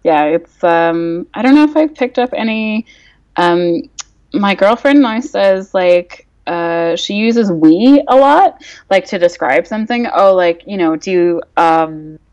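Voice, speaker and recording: A woman's voice: mid-range voice, lively intonation, measured pace, a little mellow, muffled recording. A woman in her thirties from Northern Ireland with a mixed Northern Irish accent, chatting as a podcast guest, laughing often and using lots of fillers. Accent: Northern Irish, mixed with English and Canadian. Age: 30s. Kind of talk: casual podcast chat.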